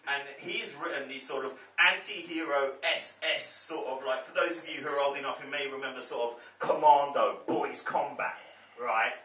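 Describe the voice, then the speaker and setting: A stand-up comedian in his 30s works a comedy club stage, chatty and self-deprecating as he riffs with the crowd amid audience laughter. His mid-range voice is pushed and bright, at a moderate pace with hardly any pauses, and the live recording sounds roomy and distant.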